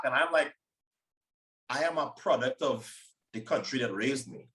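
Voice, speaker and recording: A man in his forties with a Trinidadian accent touched by American speech, telling stories in a confident, animated way as an interview guest. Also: mid-range voice, normal speed, long pauses, distant mic, poor audio. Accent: Trinidadian with American influence. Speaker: guest, former Olympic sprinter. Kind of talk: casual interview talk.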